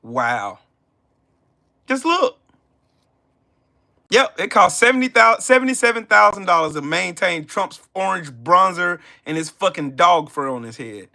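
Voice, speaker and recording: A man's voice: high voice, sing-song, normal speed, gravelly, hardly any pauses, sharp tone. A man ranting on a livestream, profane and mocking, talking to his chat viewers by name. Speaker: political commentary livestream host. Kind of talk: casual livestream rant.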